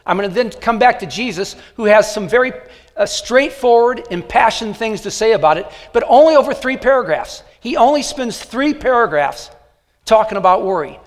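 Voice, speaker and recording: A high-pitched man preaches a sermon in a nearly empty church, talking to the camera in a loose, conversational way full of fillers and asides. His voice rings out with a long hall reverb. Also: expressive, moderate pace. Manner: conversational, joking, with many fillers. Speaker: pastor.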